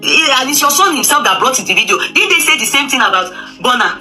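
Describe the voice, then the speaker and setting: A woman's voice: high-pitched, sing-song, fast, hardly any pauses, bright, forceful tone, faint music behind. A Nigerian woman commenting on current affairs in a casual, emphatic way, repeating herself, hesitating often and slipping into Pidgin. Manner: emphatic, repetitive, with Pidgin asides and frequent hesitations. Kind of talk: casual opinion talk.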